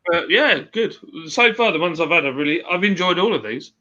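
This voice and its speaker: A man hosts a relaxed live stream, joking and rambling as he reads viewer comments. His voice is very bright and forceful, set a little high, and the audio sounds dull and lo-fi. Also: a little fast. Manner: chatty, jokey, rambling. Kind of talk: casual chat reading viewer comments.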